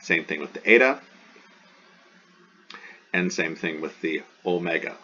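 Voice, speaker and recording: A man's voice: low-pitched, lively intonation, unhurried, bright, forceful tone, a little hiss or hum. A man teaching a recorded lesson, explaining step by step and repeating sounds aloud. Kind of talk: recorded classroom lecture. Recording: dull lo-fi sound.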